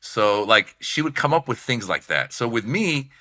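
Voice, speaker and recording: Bright-voiced storytelling man. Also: medium pitch, moderate pace. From Iran. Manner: animated, acts out voices in anecdotes. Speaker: comedian guest. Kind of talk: casual storytelling chat.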